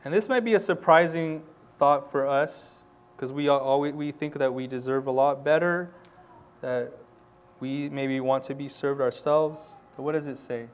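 A pastor preaching a sermon, reading scripture quietly and then building to loud, rising exhortation. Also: male voice, medium pitch, moderate pace, smooth.

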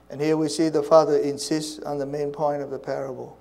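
Earnest, soft-spoken male preacher, mellow voice. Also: fairly high pitch, flat delivery, moderate pace, vocal fry, few pauses, rough recording. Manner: earnest, repeats phrases, drops to soft hushed tones. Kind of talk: sermon.

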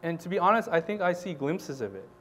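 Man preaching, hushed to fervent. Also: fairly high pitch, sing-song, quick pace. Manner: swings from quiet scripture reading to loud, rising exhortation. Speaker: pastor. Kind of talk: sermon.

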